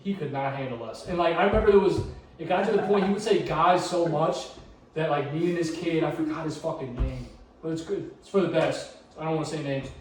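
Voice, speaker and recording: A young podcast co-host tells rambling, profane stories in a lively casual group chat, his speech full of "like" and "dude." His voice is on the high side and fairly quick, picked up by a phone camera from across an echoey room with slight background noise.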